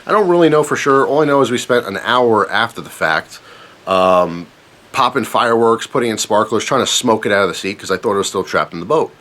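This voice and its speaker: A man casually telling a personal story on his channel, animated and self-mocking, rambling with fillers. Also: fairly low pitch, a little fast. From Pennsylvania, USA.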